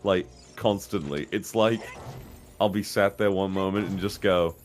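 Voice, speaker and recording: British guy with a low voice, rambling and sweary; casual stream co-host. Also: fairly even intonation, measured pace, soft background music. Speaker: guest co-host. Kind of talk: casual chat on a game stream.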